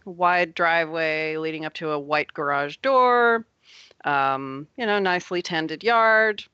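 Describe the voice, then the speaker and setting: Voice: medium pitch, takes it slowly, pushed and bright, clear, resonant tone, no room sound, lo-fi sound. A game master narrating a tabletop game in a loose, rambling way, laughing often.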